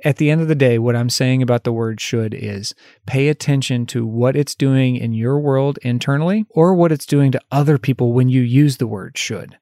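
Male life coach, solo podcast, conversational and candid, mid-pitched voice, dry close sound. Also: moderate pace, warm tone, no room sound. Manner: conversational and candid, laughs at himself; lifts his voice when acting out example phrases.

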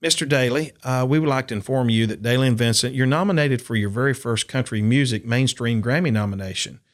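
A man's voice: mid-range voice, quick pace. A man, a country and bluegrass singer, telling stories in an interview and acting out quotes with animation. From Upper Cumberland, Tennessee. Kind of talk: storytelling interview.

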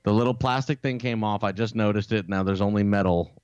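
A man co-hosting a podcast, chatting casually in a laid-back, deadpan way. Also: fairly low pitch, a little fast, highs cut off, noisy background. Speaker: podcast co-host. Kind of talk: casual chat.

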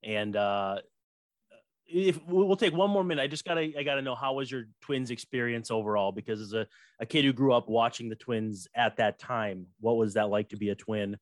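A man's voice: medium pitch, fairly quick, no room sound, clean studio sound. A man hosting a podcast, asking a guest questions in a friendly, conversational way. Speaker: podcast host. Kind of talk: casual interview questions.

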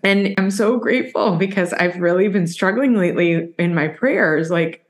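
A woman's voice: on the low side, normal speed, hardly any pauses. A woman from the United States hosting a podcast interview, emotional and effusive, speaking openly about faith. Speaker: podcast host.

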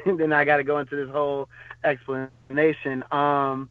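A man's voice: a little high, level tone, moderate pace, dry recording. Man on a tinny phone line. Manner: rambling, loose, many fillers and restarts. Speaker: podcast guest, former bodyguard. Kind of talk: casual storytelling interview.

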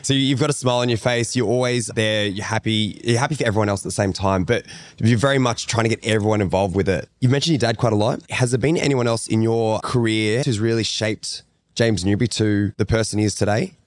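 A man's voice: lowish voice, fairly quick, no echo, clean studio sound. A man hosting a podcast, asking questions in a blunt, easygoing way. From Australia. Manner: blunt and easygoing, swears casually. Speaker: podcast host. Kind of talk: casual interview chat.

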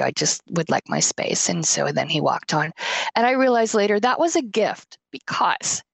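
A woman's voice: medium pitch, dry recording. A woman hosting a podcast, telling a personal story with feeling and frequent laughter. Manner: emotional, laughs often, animated storytelling. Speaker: podcast host.

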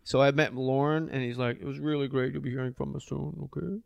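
A man's voice: mid-range voice, steady tone, fairly quick, gravelly, a little mellow, no echo. A middle-aged man from New Jersey, a comedian guest, telling a long story and acting out the voices of the people in it. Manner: acts out voices in his stories, swears freely. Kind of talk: animated storytelling.

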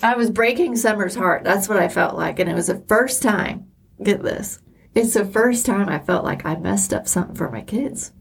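A woman's voice: medium pitch, moderate pace, creaky, slightly rough. A middle-aged woman co-hosting a podcast, telling personal stories candidly and with emotion. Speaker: podcast co-host. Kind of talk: casual chat.

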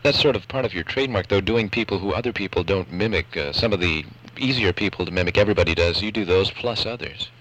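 A man's voice: deep voice, fast, hardly any pauses, fairly bright tone, rough recording. A man interviewing a guest on the radio, asking prepared questions about his past. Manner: prompting, well-researched questions with easy laughs.

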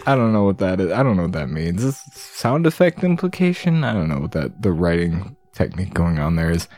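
A woman's voice: rumbling low, very animated, fairly quick, a little mellow. A woman commenting on a game playthrough in a dry, sarcastic, exasperated way. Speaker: game streamer.

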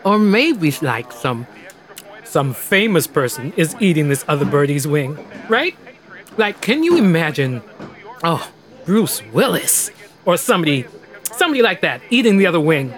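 An actor playing a heavyset, mock-friendly stranger who rambles and taunts in an audio drama. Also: male voice, on the high side, big pitch swings, normal speed, fairly bright tone, faint music behind. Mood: rambling. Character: menacing, playful heavyset man.

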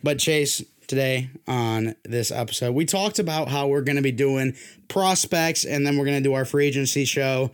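A man's voice: mid-range voice, moderate pace, clear, resonant tone. Young male sports podcast host, worn-down voice, casual and jokey. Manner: loose, joking, pushes himself to sound hyped.

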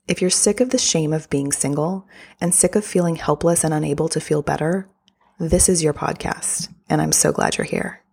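A woman with a notably deep voice talks straight to her listeners as a podcast host. Her delivery is upbeat and gushing, and she drops in the odd filler word as she goes. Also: normal speed, vocal fry, a little mellow, slightly rough. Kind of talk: casual podcast monologue.

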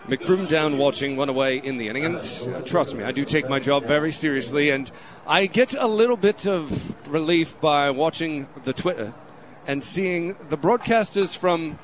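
A man calling a baseball game on the radio in a playful, mock-formal, put-on English accent. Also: on the high side. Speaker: radio play-by-play announcer. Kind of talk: baseball play-by-play commentary. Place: radio broadcast booth.

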